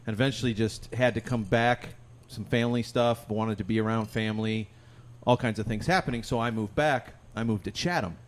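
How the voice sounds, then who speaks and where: A man, a podcast co-host and songwriter, telling a long story in relaxed chat, laughing often. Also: lowish voice. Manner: rambling, animated storyteller who laughs often.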